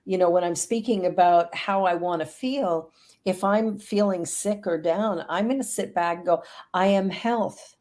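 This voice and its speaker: Prayer and affirmations come up as a middle-aged woman chats on a casual video call, earnest and upbeat. Her voice is on the low side and a little mellow, and she keeps a moderate pace.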